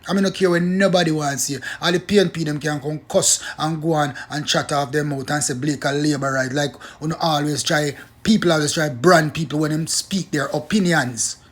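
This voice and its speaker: A man's voice: a little high, steady tone, brisk, hardly any pauses, a bit bright. A man with a Jamaican accent delivering a heated political opinion monologue. He speaks emphatically, repeats his points and slips into patois. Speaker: political commentator.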